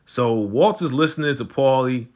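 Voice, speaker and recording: A man giving a casual, slangy recap of a TV drama episode, telling it with animated energy. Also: mid-range voice. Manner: animated, slangy storytelling, often fast. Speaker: YouTube show recapper.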